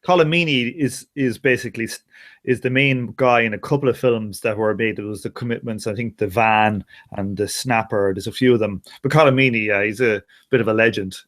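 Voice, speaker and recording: A man's voice: on the low side, fairly even intonation, brisk, fairly bright tone. A man from Ireland with a Dublin Irish accent, chatting casually as a guest and rambling with many restarts and fillers. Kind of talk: casual chat.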